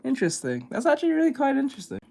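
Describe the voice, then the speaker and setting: A man's voice: very high-pitched, wildly swooping pitch, racing, vocal fry, darkish tone. A man streaming live, chatting casually with viewers in a rambling, hesitant way, full of fillers and restarts. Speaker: art streamer reacting to videos.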